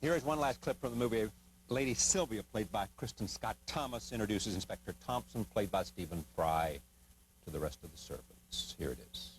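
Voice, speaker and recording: A man hosts a broadcast interview and introduces clips, brisk and friendly. His voice sits low and moves quickly, with a faint hum behind it. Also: low-quality recording. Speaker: broadcast host.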